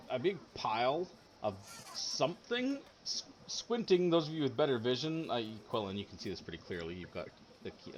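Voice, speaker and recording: A man's voice: mid-range voice, slight background noise. A man narrating a tabletop game as game master, rambling with lots of ums and likes.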